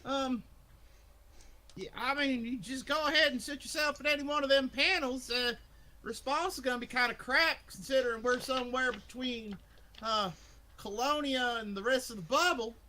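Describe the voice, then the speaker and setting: A game master puts on a folksy frontier spacer who drawls and cusses his way through every explanation. His voice sits high and bright, casual and rough around the edges. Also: normal speed. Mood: folksy explaining. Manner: drawling, swearing, backwoods slang. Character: folksy drawling spacer man at a remote station. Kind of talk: voicing a character in a tabletop game.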